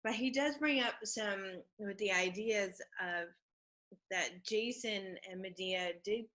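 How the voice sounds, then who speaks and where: A woman's voice: mid-range voice, slow, a bit bright. A woman teacher talking through a play in class, hesitant and thinking aloud with many fillers. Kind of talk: classroom lecture.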